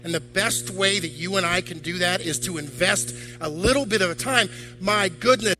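A man's voice: high-pitched, moderate pace, music in the background, rough recording. An older man, a deacon, preaching a sermon to a congregation, firing off rhetorical questions. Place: church.

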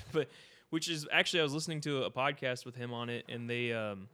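A casual man from California, talking loosely on a podcast. He tells rambling stories packed with fillers, and his voice sits in an ordinary middle pitch. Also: brisk, pushed and bright. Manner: rambling, filler-heavy storytelling. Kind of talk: casual chat.

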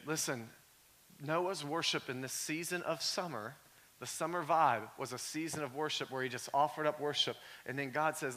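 A male pastor preaching a sermon in a conversational way, full of "like" fillers, moving from quiet storytelling up to shouting. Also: a little high, moderate pace.

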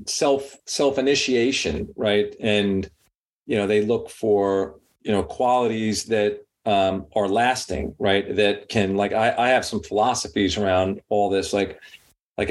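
Rambling middle-aged man telling stories. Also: lowish voice. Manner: rambling, heavy on "like" and "you know", lively when quoting. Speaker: sports media executive, guest. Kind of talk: casual interview storytelling.

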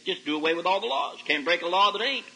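A man preaching a folksy sermon to young people, telling stories and rising to loud emphatic peaks. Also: high-pitched, fast talker, rough recording. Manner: folksy, animated storytelling with sudden loud rises. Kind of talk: sermon to a youth service. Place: camp meeting service. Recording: old 1990s radio broadcast recording.

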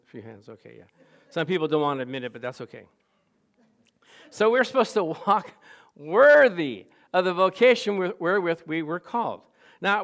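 A man preaching a sermon as pastor, telling stories with laughs and bursts of loud exclamation. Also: on the high side. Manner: animated storytelling with laughs, rising to loud exclamations.

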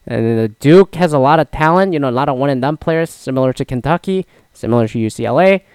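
Male podcast host, smooth resonant voice, dry close sound, rambling profane casual sports talk. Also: medium pitch, lively intonation, fast talker, a little mellow, no room sound. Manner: rambling, profane, frequent restarts. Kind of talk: casual solo sports chat.

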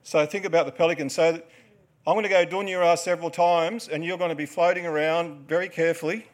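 An Australian man in his forties talks to a live audience from a stage, his voice sitting a touch high for a man. He tells a story, cracks jokes and coaches the people up front through a dance. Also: fairly even intonation, fast talker. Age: 40s. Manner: joking, storytelling, instructing a crowd. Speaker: dancer and performer.

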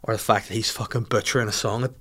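A man's voice: lowish voice, fairly even intonation, fast, fairly bright tone. A man doing a mocking impression of a foul-mouthed female pop singer, swearing constantly. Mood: exasperated.

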